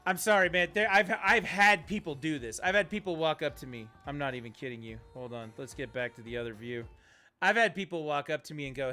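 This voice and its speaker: High bright-voiced ranting streamer man. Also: fairly quick. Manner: ranting, blunt and profane. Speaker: game streamer. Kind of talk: casual livestream chat while gaming.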